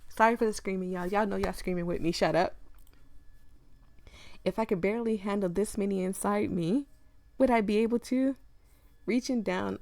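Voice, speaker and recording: A woman's voice: mid-range voice, no echo. A young woman reading a visual novel aloud with her own commentary, often breaking into giggles. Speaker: gaming video creator.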